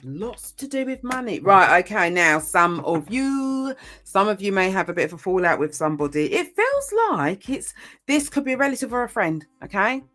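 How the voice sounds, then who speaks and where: A woman's voice: medium pitch, sing-song, moderate pace, fairly bright tone, soft background music. A woman giving a casual tarot reading, chatty and rambling, with frequent ums and mild swearing. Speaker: tarot reader.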